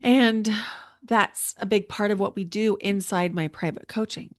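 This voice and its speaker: A middle-aged woman talks straight to her listeners in an earnest, emotional monologue. She circles back and repeats points for emphasis. Her voice sits at an ordinary pitch and sounds dry and close to the mic. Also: a little slow, dry recording. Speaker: podcast host and intuitive coach. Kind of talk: personal reflective monologue.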